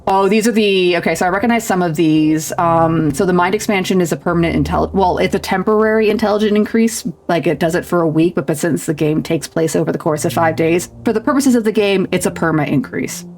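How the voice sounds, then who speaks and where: A woman's voice: on the low side, fairly quick, few pauses, darkish tone, a little hiss or hum. A woman streamer chatting casually while reading a game's narration aloud. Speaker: game streamer. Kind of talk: reading and playing a game on stream.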